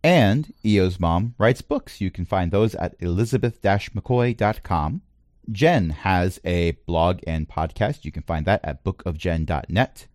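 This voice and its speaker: Podcast host, male, low and animated delivery, dry recording. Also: a little slow, no room sound. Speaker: middle school teacher. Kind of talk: casual chat.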